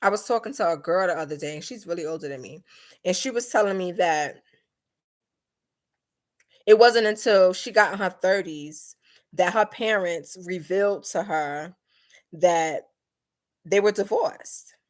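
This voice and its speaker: A young woman chatting casually on a live stream, reading comments and acting out her mother's lines in a lively, talkative way. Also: on the low side. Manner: lively, chatty, quick mood swings, acts out her mom's lines. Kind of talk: casual chat.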